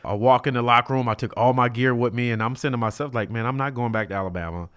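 A man in his fifties from California recounts his playing days as an interview guest in a mid-pitched voice. He talks in a lively way, lifting his pitch and volume sharply whenever he acts out someone else's words. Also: fast. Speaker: guest, former pro football player. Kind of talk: storytelling in an interview.

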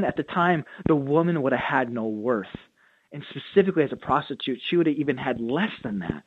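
Earnest pastor on a tinny phone line. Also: male voice, medium pitch, animated, fairly quick, husky, no echo. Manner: earnest storytelling, acts out quotes. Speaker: pastor and author. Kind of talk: radio interview guest.

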